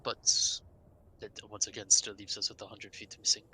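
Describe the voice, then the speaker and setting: A man playing a tabletop game, speaking in a measured, practical way. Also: on the low side, flat delivery, sharp tone, in a whisper, rough recording. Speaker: player.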